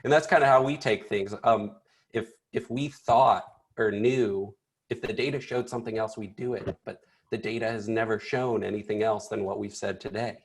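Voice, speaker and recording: A man's voice: on the low side, steady tone, normal speed. A man who is a financial advisor, chatting in an easygoing way and retelling stories in a casual discussion. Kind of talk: casual office-hours chat.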